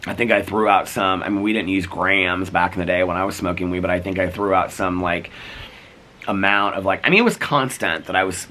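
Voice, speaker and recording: A man's voice: low voice, brisk, bright, forceful tone. A middle-aged man vlogging, telling a personal story in a chatty way, full of "like" and "you know", acting out quoted exchanges. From United States. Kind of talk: casual storytelling to camera.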